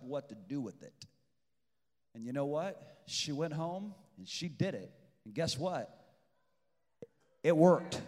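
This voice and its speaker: High-voiced preacher man in a reverberant hall. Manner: swings from shouting to hushed, intense delivery; repeats phrases for emphasis. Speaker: pastor. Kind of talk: preached sermon.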